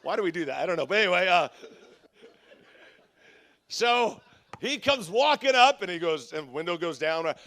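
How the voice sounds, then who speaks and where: Preaching at a leadership conference, this pastor tells funny stories and voices the characters himself. He speaks high with big pitch swings at a normal pace, leaving long pauses, his tone fairly bright.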